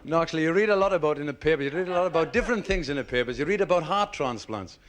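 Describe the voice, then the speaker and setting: A man's voice: on the high side, lively intonation, rapid-fire, a little hiss or hum. A man telling jokes, chatty, in broad northern dialect. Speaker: stand-up comedian. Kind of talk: joke telling.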